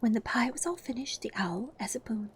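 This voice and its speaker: Whispered role-play, shy polite storybook girl, voiced by a woman, hushed, high and soft. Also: lively intonation, unhurried, a little hiss or hum. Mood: nervous recital.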